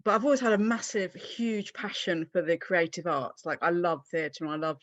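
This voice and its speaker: A woman's voice: fairly low pitch, moderate pace, muffled recording. A woman taking part in a live online session, asking her question hesitantly and searching for words. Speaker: session participant. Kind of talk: casual question on a video call. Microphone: video call.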